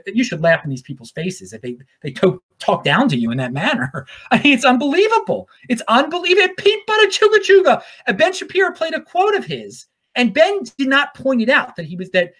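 A male show host from Baltimore talks in a loose, rambling monologue, hopping from one thought to the next. His pitch moves around a lot, rising and dipping as he goes. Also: fairly bright tone. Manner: rambling, off-the-cuff. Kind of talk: casual monologue.

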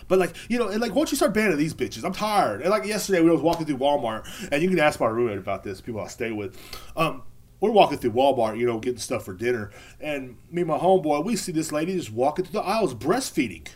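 A man's voice: on the high side, sing-song, fast talker. Profane rambling male podcast host. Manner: profane, rambling, full of fillers. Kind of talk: casual rant.

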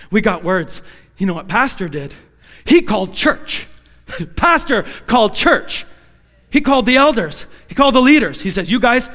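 A young man with a high, bright voice preaches in a large hall, his words trailing off into long reverb. He tells his story in a quiet, intimate voice, then rises to loud, shouted pleading. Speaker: preacher giving a testimony. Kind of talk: sermon.

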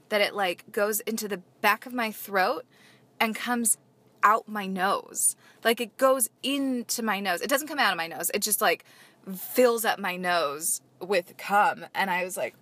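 A woman's voice: medium pitch, bright, forceful tone. A woman telling a frank, comic personal story in casual chat, acting out the people she quotes. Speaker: podcast guest.

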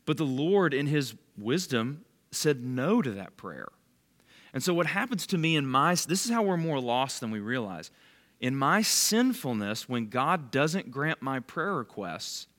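A man's voice: medium pitch, a bit bright. A man leading a bible study, giving a casual, conversational sermon and quizzing his listeners by name. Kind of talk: casual sermon to a small group.

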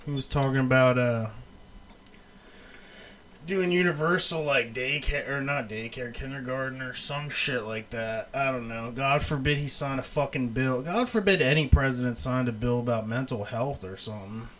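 A laid-back man tossing out crude jokes and quick mocking impressions among friends. He speaks into a handheld mic, and there is a faint noise floor behind him. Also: medium pitch, fairly bright tone. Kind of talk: casual chat. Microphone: handheld microphone held to the mouth.

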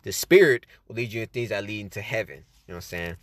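A man's voice: on the low side, fast talker, no room sound. A man hosting a podcast, talking casually about Bible study and often saying "you know what I'm saying.". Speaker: podcast host. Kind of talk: casual faith talk, reading tips.

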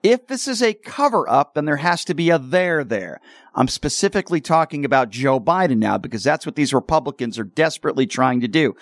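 A man hosting a political talk radio show, speaking combatively and slowing down to stress his points. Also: mid-range voice, lively intonation, dry recording, studio quality. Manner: combative, slows down for emphasis.

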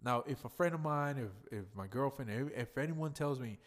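A man's voice: mid-range voice, normal speed. A tipsy man hosting a podcast in a blunt, profane, ranting monologue. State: tipsy from drinking. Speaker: podcast host.

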